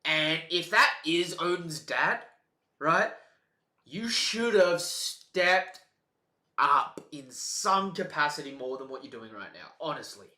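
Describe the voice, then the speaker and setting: Brief: excitable male streamer, bright voice, slow unhurried delivery, echoey room. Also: fairly high pitch. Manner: excitable, swings between loud outbursts and soft mumbling. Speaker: streamer reacting to a comic chapter. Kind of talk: live reaction commentary.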